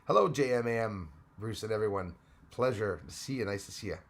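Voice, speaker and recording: A man's voice: lowish voice, animated, a little fast. Man casually greeting live stream viewers. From Canada. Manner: rambling, greets viewers by name, frequent restarts.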